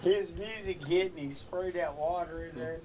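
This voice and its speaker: Brief: unhurried, slightly raised male voice, amused storyteller, a bit off-mic with faint hiss. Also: fairly high pitch, steady tone, a little mellow, far from the mic. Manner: amused, laughing while telling. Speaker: guest on a wrestling talk show. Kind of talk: casual storytelling chat.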